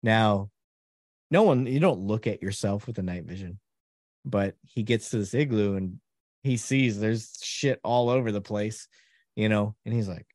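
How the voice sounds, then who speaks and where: A man's voice: measured pace, no room sound, clean studio sound. A middle-aged man, a podcast guest, telling a story casually and acting out what people said, often restarting his sentences. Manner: animated storyteller, acts out quotes with pitch jumps and trailing restarts.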